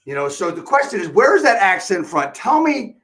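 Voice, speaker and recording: Rambling higher-voiced male host. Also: very animated, a little fast, a bit bright. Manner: rambling, restarts questions often. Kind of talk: casual interview chat.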